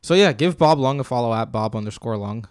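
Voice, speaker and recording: A man's voice: mid-range voice, a little fast, clear, resonant tone, no echo, studio quality. Casual young man co-hosting a podcast. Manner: relaxed, chatty, reads out promo codes. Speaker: podcast co-host.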